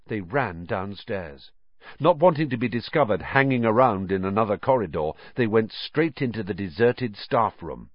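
A man reading an audiobook, narrating in a measured, expressive storytelling manner. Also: fairly low pitch, no echo, muffled recording. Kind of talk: scripted narration.

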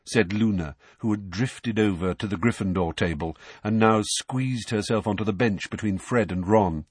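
A man narrating an audiobook in an expressive storytelling manner. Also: low-pitched, normal speed, hardly any pauses, breathy edge, no room sound. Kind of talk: scripted narration.

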